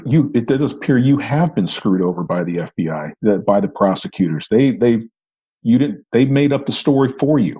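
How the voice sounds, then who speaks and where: Husky dark-voiced man recounting an interrogation. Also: mid-range voice, rough recording. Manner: re-enacts his own questions in quoted dialogue. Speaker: investigator.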